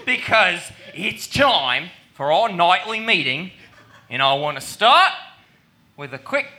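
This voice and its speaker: A man playing a rowdy mock-Australian outlaw boss in a comedy sketch, shouting slang and laughing through his lines. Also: high-pitched, very animated, slow, exaggerated voice.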